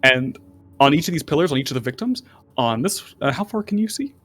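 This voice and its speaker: A man's voice: on the high side, big pitch swings, fairly quick, fairly bright tone. A man running a tabletop game as game master, describing scenes in a rambling way.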